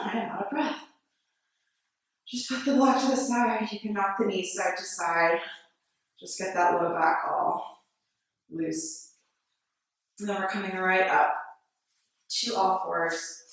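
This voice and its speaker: A woman yoga instructor leading a class with steady step-by-step breathing and movement cues in a yoga studio. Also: medium pitch. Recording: very echoey studio, mic far off.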